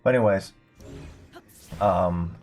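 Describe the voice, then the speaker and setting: A man's voice: deep voice, takes it slowly, darkish tone, soft background music. A young man streaming a game, telling a long rambling story full of swearing and filler words. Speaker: streamer and bartender. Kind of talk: casual storytelling while livestreaming a game.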